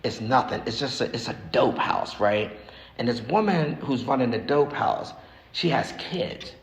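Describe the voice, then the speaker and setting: A man in his sixties giving a recovery testimony at a meeting, talking frankly and haltingly, repeating himself as he tells his story. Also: medium pitch, animated. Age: 60s. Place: meeting hall. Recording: echoey hall with faint noise.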